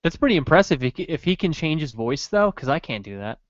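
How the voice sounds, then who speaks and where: A playful podcast co-host trading quick jokes in casual chat, at a medium pitch. The sound is dull and slightly muffled, and dry with no echo. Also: sing-song. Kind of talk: casual live-stream chat.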